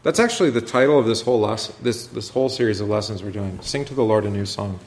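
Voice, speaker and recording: A man's voice: on the low side, fast talker, darkish tone. A man, a pastor, teaching a Bible study class in a conversational way and asking the group questions. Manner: conversational, asks questions, many restarts.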